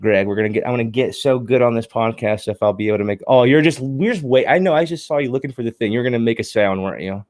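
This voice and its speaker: A male podcast host talks in a casual, enthusiastic way and keeps turning to speak to his listeners. His voice sits at an ordinary middle pitch. The sound is dry and close to the mic. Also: quick pace, few pauses, a little mellow, dry recording. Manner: enthusiastic, talkative, addresses listeners as guys and y'all.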